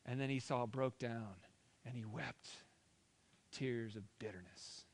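A man's voice: mid-range voice, steady tone, a little slow, slight background noise. A man preaching a sermon, retelling scripture in a conversational storytelling way.

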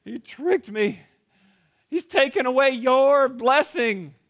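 A man's voice: extremely high pitch, lively intonation, slow pace, fairly bright tone, pitched above the performer's own voice, exaggerated voice. A man voicing Isaac, an aging, shaken father, talking in a strained, raised, insistent way. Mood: distressed.

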